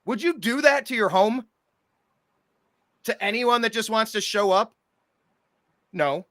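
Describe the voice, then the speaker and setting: A male talk show host in casual political chat, speaking in an animated, exasperated way with mocking asides. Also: sits high, a little slow, no room sound, studio quality.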